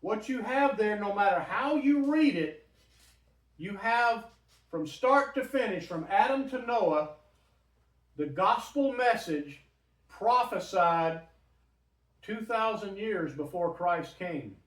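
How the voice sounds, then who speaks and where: A man leads a church Bible study at an unhurried pace, his voice sitting high for a man. He talks conversationally and keeps asking the group questions. He sounds roomy, picked up from across the room. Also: animated. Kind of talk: interactive Bible teaching. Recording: roomy, from a distant mic.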